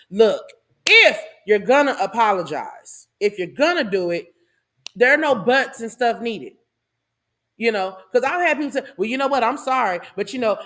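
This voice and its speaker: A woman hosting her own channel, giving a casual and animated commentary monologue with a preachy tone and laughing asides. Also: mid-range voice. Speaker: host.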